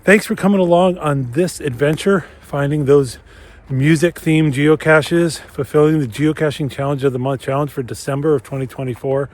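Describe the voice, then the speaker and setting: A man's voice: a little high, steady tone, normal speed, a little mellow. A man from Minnesota narrating a casual geocaching vlog outdoors on a winter trail, chatty and enthusiastic, talking straight to his viewers. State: slightly out of breath while walking fast. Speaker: geocaching vlogger.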